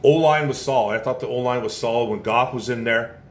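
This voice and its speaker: A man's voice: medium pitch, brisk. A man hosting a casual football commentary show, blunt and opinionated, often repeating his points. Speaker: sports podcast host. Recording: roomy echo with faint noise.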